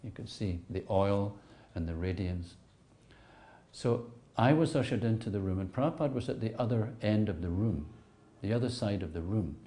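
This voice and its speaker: Man, low mellow voice, reflective storyteller, hesitant repeats, soft asides. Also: normal speed. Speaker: interviewee recalling memories.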